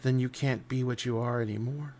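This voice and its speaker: A man's voice: mid-range voice, fairly even intonation, brisk, a little mellow, slight background noise, voice pushed down, lightly acted. A man voicing Atropos, the eldest of the fates, grave and menacing. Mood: grim. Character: Atropos, cold eldest woman of fate.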